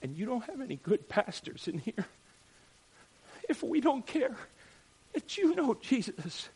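A man preaching a sermon, animated, firing off rhetorical questions and checking in with "right?". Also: extremely high pitch, a little slow, husky. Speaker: pastor.

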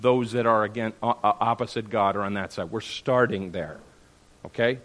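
A man's voice: lowish voice, fairly even intonation, normal speed, a bit bright. A man leading a church group discussion, speaking emphatically and checking in with the group with "all right?" and "okay?". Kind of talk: animated teaching talk to a group.

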